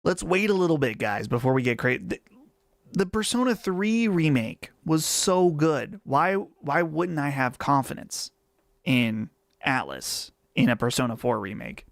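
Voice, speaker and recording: A man's voice: medium pitch, very animated, measured pace, vocal fry, no room sound. A man with a Western Pennsylvania accent hosting a casual live chat stream, chatty and rambling on a close mic. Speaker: livestream host.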